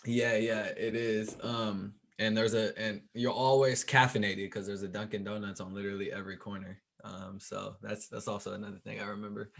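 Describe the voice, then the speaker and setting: Tired guy hosting a podcast, lower voice, laid back, says yeah a lot. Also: normal speed, gravelly, hardly any pauses. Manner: relaxed, repeats words, laughs often. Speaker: podcast host. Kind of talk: casual podcast interview.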